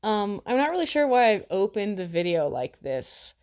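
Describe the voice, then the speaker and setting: A woman's voice: medium pitch, sing-song, normal speed, darkish tone, clean tone. An American woman doing casual commentary, blunt, mocking and full of swearing. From United States. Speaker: commentary vlogger.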